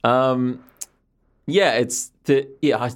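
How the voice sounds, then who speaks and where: A man co-hosting a podcast in casual chat, halting and hesitant as he recaps. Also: mid-range voice, fairly even intonation, smooth. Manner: hesitant, halting, many restarts. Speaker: podcast co-host.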